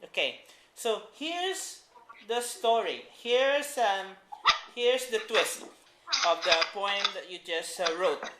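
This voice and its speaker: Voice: medium pitch, very animated, slow, pushed and bright, a little hiss or hum. A writing teacher giving a patient class explanation, repeating key points. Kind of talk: classroom instruction. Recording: roomy echo.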